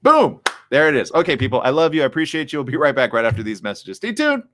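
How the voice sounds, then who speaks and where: Male morning host, animated and excitable, riffs hard, reads out chat comments. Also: fairly high pitch, fast, noisy background. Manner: reads viewer comments aloud. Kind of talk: live streamed talk show chat.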